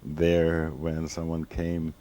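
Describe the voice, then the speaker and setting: A rabbi in his seventies, recalling his past in an interview from his home library, speaking slowly and reflectively with many restarts. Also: extremely low pitch, monotone, dark tone. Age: 70s. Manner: slow, reflective, with many restarts and repeated words. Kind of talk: reminiscing storytelling in an interview.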